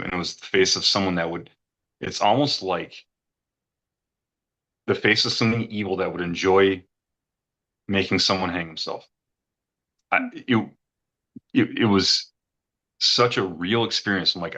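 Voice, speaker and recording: Speaking as a retreat guest, this middle-aged man offers an earnest testimonial about something he lived through, wandering and repeating himself as feelings rise. His deep voice is bright and forceful, moving at a moderate pace broken by long pauses, and the recording is rough.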